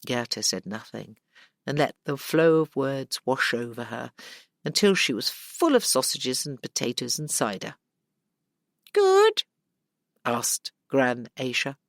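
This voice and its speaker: A woman narrating a dark fantasy audiobook, expressive and doing voices for the characters. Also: a bass voice, unhurried, dry recording, studio quality. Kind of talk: scripted narration.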